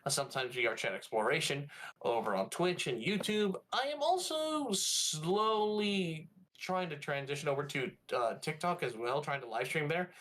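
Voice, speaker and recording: A man's voice: fairly high pitch, animated, normal speed, a bit bright. A man co-hosting a casual gaming podcast, talking loosely and rambling with lots of "uh"s while he has the hiccups. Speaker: podcast co-host and VTuber streamer. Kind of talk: casual chat.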